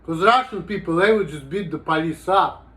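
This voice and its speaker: A man's voice: fairly high pitch, normal speed, fairly bright tone. A man talking casually in a rambling, profane vlog monologue, with "you know" in almost every sentence. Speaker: vlogger.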